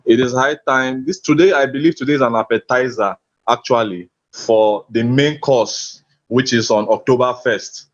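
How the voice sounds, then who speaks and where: Man, rousing rally speech, mid pitch, muffled video call sound. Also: normal speed. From Nigeria. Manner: rousing, emphatic, slogan-driven. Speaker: protest speaker. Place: hospital. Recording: muffled online call audio.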